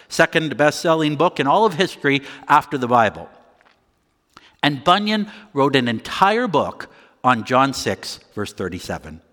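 A man delivers a sermon in slow, deliberate phrases with emphatic pauses. His bright voice swings widely in pitch. A long hall reverb trails his words. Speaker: pastor.

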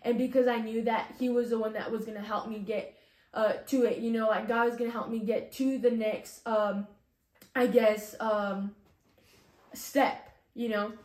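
A woman's voice: fairly high pitch, fairly even intonation, moderate pace, darkish tone. Earnest young woman in an echoey room. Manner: earnest, heavy on fillers like "like" and "you know". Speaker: testimony speaker. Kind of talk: personal faith testimony.

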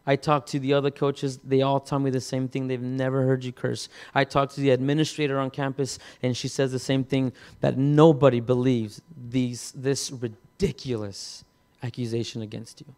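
A man preaching, telling a personal story in a halting way, with many repeated words and restarts. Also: medium pitch, level tone, a little mellow, clean tone. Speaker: pastor. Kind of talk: sermon testimony.

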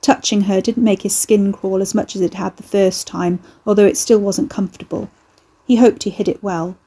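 Woman, audiobook narrator, husky tone, mellow, steady storytelling. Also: mid-range voice, moderate pace. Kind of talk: scripted narration.

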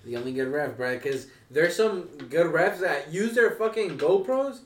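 A man's voice: on the high side, animated, moderate pace, recorded from a distance. A young man co-hosting a casual podcast, laid-back and profane in his banter. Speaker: podcast co-host. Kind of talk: casual chat. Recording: echoey room, a bit off-mic, faint noise.

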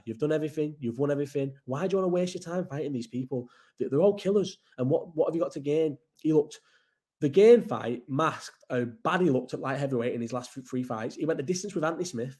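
A man's voice: medium pitch, darkish tone. A man from the Bolton area with a Bolton accent, hosting a casual live chat in a rambling, blunt and sweary way. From Bolton area, England.

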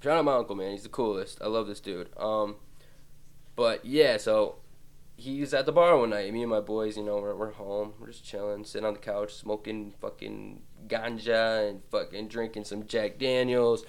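Gravelly young man telling crude stories. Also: on the low side, steady tone, normal speed. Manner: profane, loose, laughs through his stories. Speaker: podcast host. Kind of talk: rambling comic storytelling.

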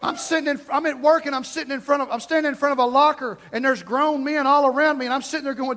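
A man preaching a fervent sermon as pastor, dropping to a hush and then rising to shouts. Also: very high voice, steady tone, fast talker, few pauses. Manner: fervent, swings from hushed to shouting.

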